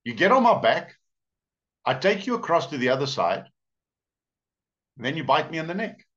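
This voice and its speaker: Wary incredulous turtle, put on by a man, high and animated, lo-fi. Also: normal speed. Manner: incredulous, suspicious. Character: wary strong-swimming male turtle in a fable.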